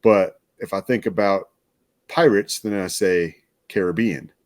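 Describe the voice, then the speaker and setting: A man co-hosting a casual soda review, chatty and quick to laugh, rambling through his explanations. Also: fairly low pitch. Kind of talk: casual chat.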